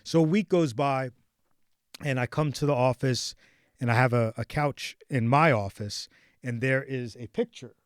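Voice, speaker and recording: A man in his forties hosting a podcast, telling a personal story in a casual chat with animated swings between hushed and loud. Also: mid-range voice, normal speed, clean tone, dry recording, clean studio sound. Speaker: podcast host.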